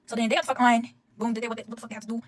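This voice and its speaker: A woman's voice: on the high side, level tone, racing. A young woman telling a storytime, profane and exasperated, talking to her viewers. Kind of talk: casual storytime vlog.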